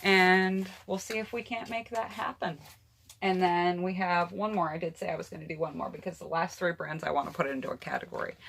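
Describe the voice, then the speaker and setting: Chatty woman beauty vlogger, bright voice. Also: on the low side. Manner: chatty, personal opinions, addresses viewers directly. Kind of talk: casual makeup palette review.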